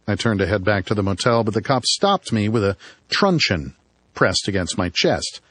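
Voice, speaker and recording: A man's voice: fairly low pitch, animated, moderate pace, fairly bright tone, no room sound. A man narrating a first-person audiobook with dry, wry storytelling.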